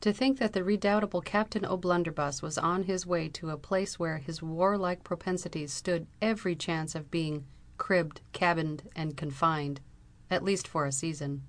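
A woman narrating a Victorian novel in a clear, steady reading voice. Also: fairly low pitch, normal speed. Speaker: audiobook reader.

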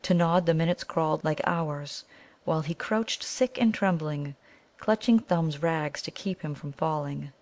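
A woman narrating a children's adventure novel in a measured way. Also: low-pitched, darkish tone. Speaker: audiobook reader. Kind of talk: storybook narration.

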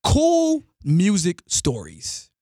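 A man's voice: high voice, huge pitch swings, drawn-out words, mellow, no room sound, studio quality. A young man hosting a casual podcast chat, laughing often and bantering in loose slang. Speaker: podcast host.

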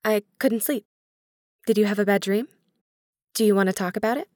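A woman voicing a shy, gentle young goddess who speaks softly and with care. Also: mid-range voice, a little fast, no echo, studio quality, pitched above the performer's own voice, natural voice. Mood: tender concern. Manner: soft, hushed.

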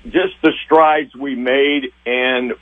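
An older man, a retiring TV sports director, reminiscing with emotion in a rambling, halting way. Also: mid-range voice, steady tone. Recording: tinny phone line.

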